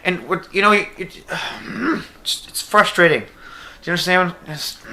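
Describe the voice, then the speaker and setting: A man with a Canadian accent in casual podcast chat, excitable and rambling, breaking into loud laughter. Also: sits high, unhurried, gravelly. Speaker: podcast guest.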